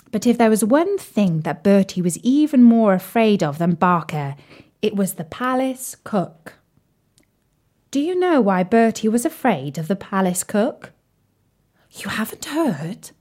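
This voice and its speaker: A young woman telling a children's story in a playful, animated way, sometimes dropping to a whisper. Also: medium pitch.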